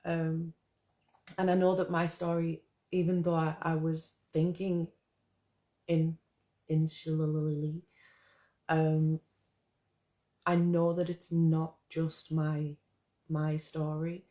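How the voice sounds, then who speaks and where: A woman's voice: deep voice, flat delivery, slow, pauses often, dark tone. A woman poet chatting casually to her viewers, rambling and swearing, then reading her own poem aloud. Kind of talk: casual live chat and poetry reading.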